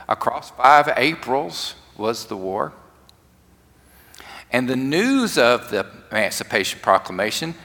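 A man preaching a sermon in a dramatic way, swinging from loud, fervent lines to hushed ones. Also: medium pitch, creaky. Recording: long hall reverb.

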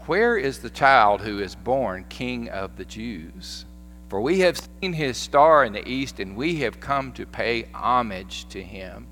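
A man voicing solemn wise men from the east, speaking slowly. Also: medium pitch, very animated, a bit bright, faint music behind, heavily acted, poor audio.

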